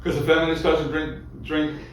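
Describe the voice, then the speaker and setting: A man's voice: a little high, flat delivery, normal speed. A man hosting a comedy workshop, encouraging as he talks through joke ideas and introduces acts. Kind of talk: casual feedback and emcee banter. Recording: echoey room, far from the mic, with faint noise.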